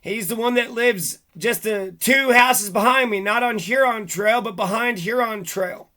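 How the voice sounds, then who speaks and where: A man's voice: high voice, measured pace, bright, forceful tone. A man talking alone to his audience in an agitated, rambling, heavily profane rant. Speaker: vlogger. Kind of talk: monologue to camera.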